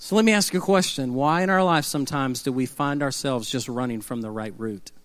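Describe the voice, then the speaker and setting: A man's voice: medium pitch, fairly quick, clear, resonant tone, dry recording. A middle-aged man preaching a sermon, telling stories with humor and leading the congregation in call-and-response. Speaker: pastor.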